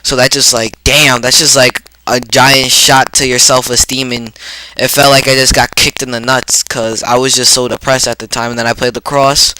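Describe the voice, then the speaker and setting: A teenage boy vlogging a personal story in a halting, rambling way, full of fillers and restarts. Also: medium pitch, pushed and bright, clean tone, no room sound, rough recording. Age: teens.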